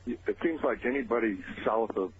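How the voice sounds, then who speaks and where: A man's voice: mid-range voice, brisk. A man calling a radio talk show to complain, speaking hesitantly and restarting his sentences. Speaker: caller. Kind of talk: phone call to radio show. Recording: tinny phone line with hiss.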